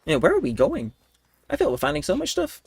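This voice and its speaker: A man's voice: sits high, wildly swooping pitch, brisk, breathy edge, no room sound. A young man with a cold coming on, livestreaming a game and rambling casually to his chat while laughing often. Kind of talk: casual live-stream chat while gaming.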